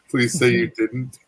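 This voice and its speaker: A man in casual chat, teasing and joking. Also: medium pitch.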